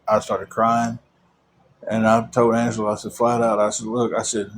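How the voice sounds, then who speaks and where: Man, low voice, rambling personal testimony, faint background hiss. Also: steady tone, unhurried. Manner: rambling, with restarts. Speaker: storyteller.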